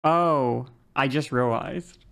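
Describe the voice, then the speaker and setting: A woman's voice: rumbling low, slow pace, vocal fry. A woman streaming a game playthrough, making wry, self-mocking asides while she reads along. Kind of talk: casual let's-play commentary.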